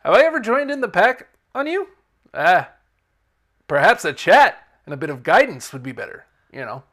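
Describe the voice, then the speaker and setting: A man doing an older wrestling mentor with a shaky British accent. He is loud and measured and sounds like he is offering guidance. His pitch swings across a very wide range. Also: sing-song, full character voice. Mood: paternal. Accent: attempted British. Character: male wrestling mentor giving calm guidance.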